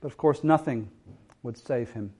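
A man preaching an expository sermon in an earnest voice, moving between quiet, low passages and strong, emphatic ones. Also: moderate pace.

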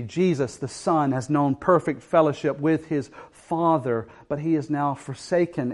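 Earnest man preaching a sermon. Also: medium pitch. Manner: earnest, swings between quiet and emphatic. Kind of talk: expository sermon.

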